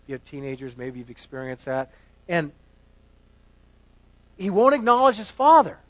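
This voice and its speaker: High-voiced preacher with dry close sound. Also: male voice, big pitch swings, normal speed, no echo, rough recording. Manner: dynamic, swings between hushed asides and loud emphatic passages; repeats words and restarts while building a point. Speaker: pastor. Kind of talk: sermon.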